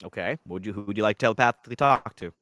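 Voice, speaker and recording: Male game master, loose and profane, bright tone, dry close mic, lively pitch swings. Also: rapid-fire, dry recording. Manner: swearing, laughing, lively storytelling. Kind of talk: narrating a live tabletop game.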